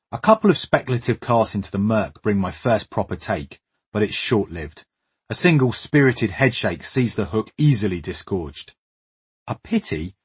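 Husky, wry man narrating. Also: lowish voice, dry recording. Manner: wry, understated, dryly humorous. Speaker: travel documentary presenter. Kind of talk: scripted documentary narration.

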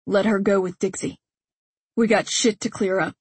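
A woman's voice: mid-range voice, fairly even intonation, moderate pace, husky, no room sound. A woman voicing an angry, protective young man who gives hard, clipped orders. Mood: cold commanding.

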